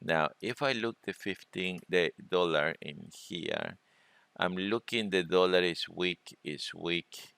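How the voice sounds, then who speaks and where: A man presenting a trading webinar, talking through charts in a halting way and often repeating words. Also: low voice, creaky, a bit bright, smooth, no room sound. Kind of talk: screen-share trading lesson.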